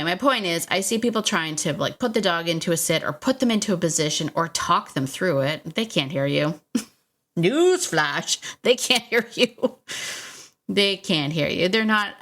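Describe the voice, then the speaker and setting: A middle-aged woman with a slightly low voice hosts her own podcast. She chats casually, addresses the listener as a friend, and laughs often as she explains. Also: creaky, fairly bright tone. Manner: chatty, laughs often, speaks straight to the listener. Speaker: dog trainer and podcast host. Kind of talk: casual solo podcast talk.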